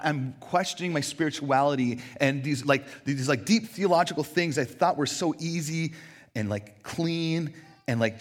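A man preaching a sermon as a pastor in a church, talking in a casual, conversational way with frequent fillers. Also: a little high.

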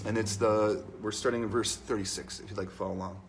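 A man preaching a conversational sermon in an animated, storytelling way, asking the congregation questions. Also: lowish voice, quick pace, background noise.

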